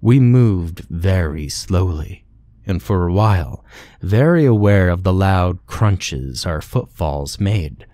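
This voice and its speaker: A man narrating a war horror story in a grim, measured, scripted way. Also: low voice, expressive, mellow, no echo, studio quality.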